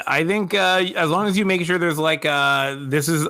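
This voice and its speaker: Chill guy podcast cohost, bright voice, teasing, lots of uhs and likes. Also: a little high, normal speed. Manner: laid-back, teasing, hesitant fillers. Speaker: podcast co-host. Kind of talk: casual chat.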